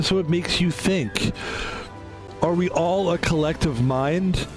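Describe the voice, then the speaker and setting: Hoarse man, recovering voice, rambling game-stream chatter, slightly high pitch, faint music behind. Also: a little mellow. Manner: rambling, chatty, self-mocking. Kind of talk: casual live-stream chat while gaming.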